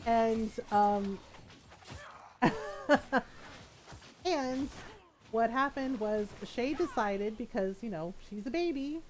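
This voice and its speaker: A woman's voice: a little high, extremely slow, pauses often, a little hiss or hum, poor audio. A middle-aged woman casually telling a story to her stream chat, rambling with fillers, laughing often and asking "right?".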